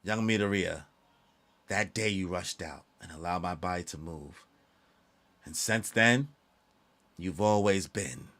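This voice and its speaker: A man voicing an aging male mentor hero in a deep, earnest reading voice. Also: a little slow, long pauses, fairly bright tone. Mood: solemn.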